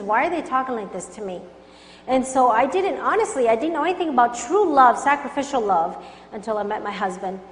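Earnest higher-voiced woman preaching in a hall. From Colombia. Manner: earnest, urgent exhortation. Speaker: Christian speaker. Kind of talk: testimony sermon. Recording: echoey hall with faint hum.

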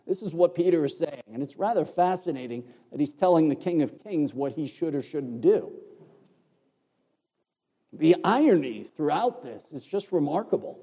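A man preaching an expository sermon, explaining the Greek words of a passage with deliberate emphasis. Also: a little high, lively intonation, warm tone. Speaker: pastor. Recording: long hall reverb.

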